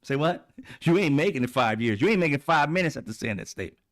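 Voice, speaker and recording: Middle aged guy w aave ranting hard, blunt and cussing, voice on the higher side. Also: expressive, quick pace. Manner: blunt, heated, profane, mocking asides. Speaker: commentary channel host. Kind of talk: ranting political commentary.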